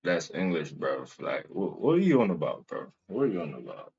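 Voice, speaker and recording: A man's voice: low voice, sing-song, a little fast, vocal fry, darkish tone, slight background noise. A man hosting random video chats, teasing strangers in laid-back slang. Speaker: host. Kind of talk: casual video-chat banter. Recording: dull lo-fi video-chat audio.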